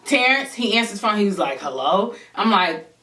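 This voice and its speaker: Woman vlogger, storytime chat to camera, bright tone, echoey room. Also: medium pitch, fairly quick, distant mic. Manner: animated storytelling, addresses viewers directly; acts out others' voices in quotes. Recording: echoey room, voice a bit off-mic.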